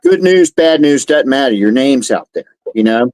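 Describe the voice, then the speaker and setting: A man's voice: medium pitch, moderate pace, a little mellow, no room sound. A man chatting casually in a group call, talking in long rambling stretches and laughing now and then. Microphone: video call.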